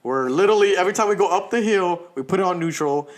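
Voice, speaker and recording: Laughing often and cursing without restraint, a podcast co-host spins a lengthy story during casual chat. His voice sits high, and he speaks in an animated, quick way.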